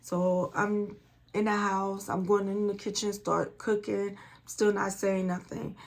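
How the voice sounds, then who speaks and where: A woman's voice: mid-range voice, flat delivery, a little slow, creaky. A middle-aged woman vlogger telling a personal story in a casual way. She repeats phrases and acts out the dialogue.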